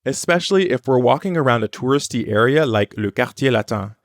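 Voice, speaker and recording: A man's voice: mid-range voice, expressive, brisk, no room sound. Man teaching, dry close sound. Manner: clear, careful modeling of pronunciation. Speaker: language teacher and co-host. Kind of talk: scripted lesson dialogue.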